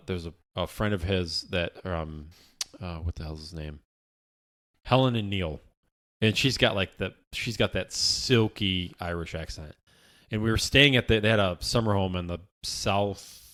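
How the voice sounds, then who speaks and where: A man's voice: deep voice, fairly bright tone. A man co-hosting a podcast in an office, chatting casually and rambling with lots of restarts and the odd swear. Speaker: podcast co-host. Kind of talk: casual chat.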